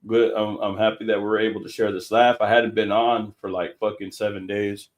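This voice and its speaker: A man's voice: fairly low pitch, level tone, moderate pace. A man hosting a casual live stream, talking in a slangy, profane way and laughing often.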